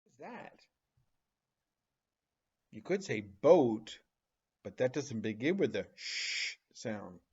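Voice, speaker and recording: A male teacher walks young children through a phonics lesson, speaking very slowly with big, lively swings of pitch. He draws out each sound and asks playful questions about pictures. The recording is slightly dull and lo-fi. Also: husky. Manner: slow, animated, exaggerated sounds for children.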